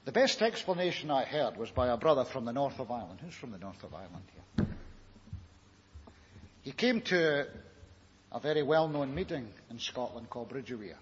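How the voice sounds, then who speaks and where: A man's voice: medium pitch, big pitch swings, fairly quick, long pauses, slight background noise. A man preaching a sermon, telling the story dramatically and firing rhetorical questions at his listeners. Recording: echoey hall, dull lo-fi recording.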